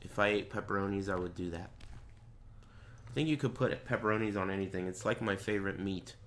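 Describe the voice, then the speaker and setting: A man's voice: on the low side, fairly quick, fairly bright tone, a little hiss or hum. A man playing a horror game, muttering directions to himself and swearing when something startles him. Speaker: gaming streamer. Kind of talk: let's play commentary.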